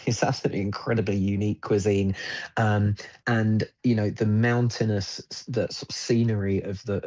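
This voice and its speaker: A man's voice: on the low side, dark tone, breathy edge, dull audio. A man, a travel guest on a radio show, talking enthusiastically with many fillers and restarts. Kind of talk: radio interview chat.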